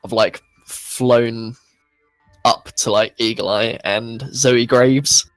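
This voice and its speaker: A man's voice: medium pitch, steady tone, takes it slowly, a bit bright, soft background music. A playful man describing his character's moves in a tabletop game, in a mid-range voice. The sound is dry and close, with no room echo. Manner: laughs easily, light and playful. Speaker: player. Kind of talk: casual tabletop game play.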